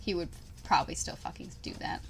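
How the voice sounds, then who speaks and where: A woman's voice: quick pace, a crowd in the background. A young woman co-hosting a podcast, telling a story in casual chat with frequent swearing and lots of "like". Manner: profane, animated storytelling. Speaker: podcast co-host.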